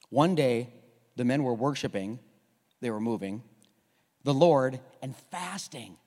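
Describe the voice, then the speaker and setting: A male pastor preaching a sermon, swinging from hushed asides to loud, repeated calls. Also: on the high side. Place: church sanctuary. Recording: long reverb of a church hall.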